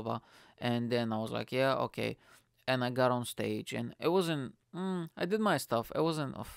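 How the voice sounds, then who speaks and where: Gravelly, smooth-voiced man telling stories. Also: medium pitch, no echo, clean studio sound. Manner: rambling, profane, animated quotes. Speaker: stand-up comedian. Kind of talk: casual storytelling.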